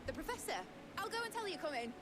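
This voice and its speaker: A woman's voice: very high voice, big pitch swings, racing, over loud music. An actress playing a brash young female ship captain, cheeky and blunt.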